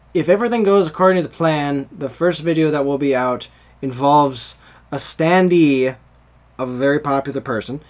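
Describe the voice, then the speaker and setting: A young man from the United States hosting a podcast, rambling in casual chat and laughing often. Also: fairly high pitch. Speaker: podcast host.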